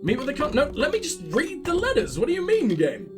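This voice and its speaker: A man's voice: extremely high pitch, wildly swooping pitch, a little fast, over music. A man giving profane, sarcastic, rambling commentary while playing a video game. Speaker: let's play host. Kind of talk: gaming commentary.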